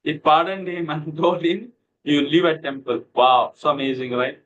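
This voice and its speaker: A man's voice: a little high, fairly even intonation, moderate pace, a bit bright. Guy teaching a scripture class on a video call, rambling story full of "you know", dull lo-fi audio. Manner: loose storytelling with many "you know" fillers. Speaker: Bhagavad Gita class teacher. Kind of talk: devotional lesson with storytelling.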